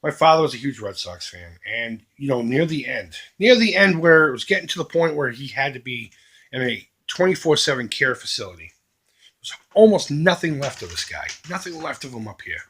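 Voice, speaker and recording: A middle-aged man making an earnest, emphatic charity appeal to his viewers as a vlogger, swinging between loud and hushed. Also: medium pitch, very animated, moderate pace, slightly rough.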